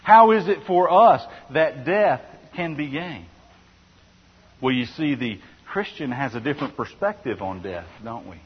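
A man's voice: medium pitch, lively intonation, unhurried, breathy edge. A male pastor preaching a sermon in an earnest way, often restarting phrases and asking rhetorical questions. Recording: dull sound with long hall reverb.

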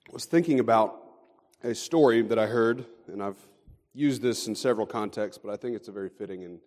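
A man preaching a sermon as a pastor, telling stories and letting his sentences trail off quietly. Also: fairly low pitch, a little fast, big-room sound. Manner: storytelling, dropping to quiet endings.

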